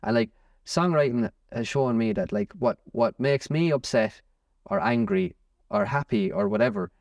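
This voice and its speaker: A young Irish musician chatting in an interview, rambling with many restarts. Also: male voice, mid-range voice, big pitch swings, moderate pace, creaky, a little mellow, no room sound, studio quality, distant mic. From Ireland. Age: young adult. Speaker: musician guest. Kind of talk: casual interview chat.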